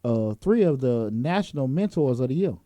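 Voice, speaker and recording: A talk-show host chats casually, joking around and using lots of fillers in a laid-back way. His medium-pitched, warm voice has lively intonation and a moderate pace, and the audio is dull but echo-free.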